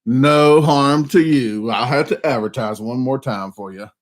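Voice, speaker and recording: A man with a Southern US accent hosting a casual live stream, rambling with lots of fillers and restarts, a little hoarse and coughing. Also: mid-range voice, unhurried.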